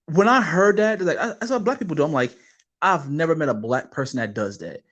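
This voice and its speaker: A man's voice: on the high side, a little fast. A man co-hosting a podcast, telling long rambling stories in casual chat and laughing along the way. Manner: rambling animated storytelling with laughs. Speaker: podcast co-host.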